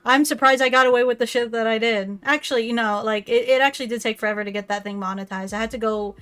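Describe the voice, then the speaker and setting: A woman's voice: on the high side, steady tone, fast, fairly bright tone, clear, resonant tone. A woman chatting casually on a livestream as a guest, swearing and laughing often. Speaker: guest and co-streamer.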